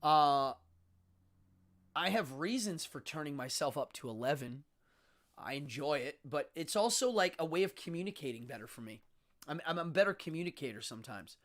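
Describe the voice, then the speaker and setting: Animated, dramatic man hosting a live stream. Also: fairly high pitch, moderate pace. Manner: dramatic and animated, stumbling restarts. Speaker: magician and occultist hosting a live show. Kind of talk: casual livestream monologue.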